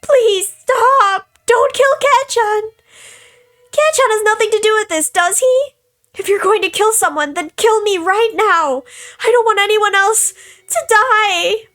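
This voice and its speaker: A woman voicing a terrified captive teenage girl, crying and pleading in a shrill, desperate voice. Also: measured pace, a bit bright. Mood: panicked.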